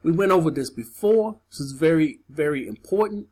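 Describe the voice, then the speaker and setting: A woman's voice: deep voice, lively intonation, brisk, dark tone, husky. A woman preaching a sermon, emphatic, repeating key phrases and asking her listeners questions.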